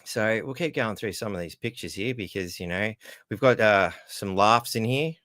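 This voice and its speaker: Low-voiced man, sarcastic commentary. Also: moderate pace, a bit bright, no room sound, studio quality. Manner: wry, sarcastic, swears freely. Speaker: host. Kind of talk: casual commentary.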